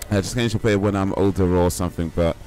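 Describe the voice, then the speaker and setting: A man's voice: low-pitched, gravelly, a little mellow. A young man chatting casually while streaming a game, in a rambling, laid-back, slangy way. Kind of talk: casual live-stream chat while gaming.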